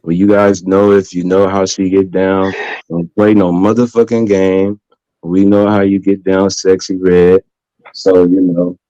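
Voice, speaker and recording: Deep laid-back male podcast host. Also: flat delivery, a little slow, warm tone, no room sound, dull audio. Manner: laid-back, slangy, repeats "you know what I'm saying". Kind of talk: casual chat.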